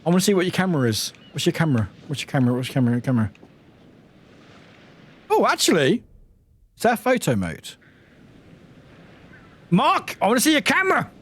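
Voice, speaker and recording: Man, young adult, from Britain, game streamer, casual commentary, high voice, wildly varied pitch. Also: a little fast, pauses often, husky. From United Kingdom. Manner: animated, laughing, swearing, chatty.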